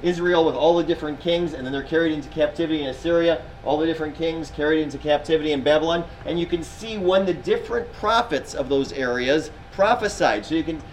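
A man's voice: fairly high pitch, fast talker, few pauses, slight background noise, poor audio. A man teaching a Bible class in a classroom, talking casually, quizzing his students and often restarting his sentences.

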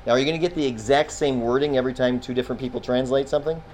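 A man's voice: medium pitch, steady tone, rapid-fire, darkish tone, slight background noise, low-quality recording. A man teaching a Bible class in a classroom, talking casually, quizzing his students and often restarting his sentences.

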